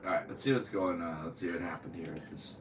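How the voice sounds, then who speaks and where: A man's voice: deep voice, fairly even intonation, fast talker, distant mic, background noise. A man hosting a podcast, reading news aloud and breaking into profane, angry commentary. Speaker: podcast host.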